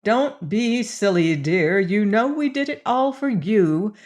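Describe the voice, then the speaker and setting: A woman's voice: mid-range voice, lively intonation, slow pace, darkish tone, pitched above the performer's own voice. A woman voicing a reproving, self-pitying middle-aged mother in an audiobook, with a reproachful, martyred manner. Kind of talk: audiobook character voice.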